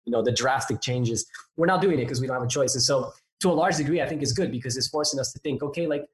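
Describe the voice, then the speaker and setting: A man's voice: mid-range voice, quick pace. A man from Newark, New Jersey, with a mixed American accent, chatting upbeat as a pastor guest on a podcast interview.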